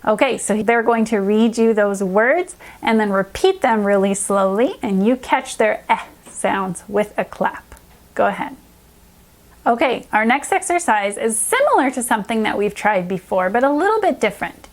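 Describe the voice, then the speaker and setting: A woman reading specialist leading a children's phonics lesson, upbeat and encouraging, stretching out sounds slowly and carefully. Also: a little high, lively intonation.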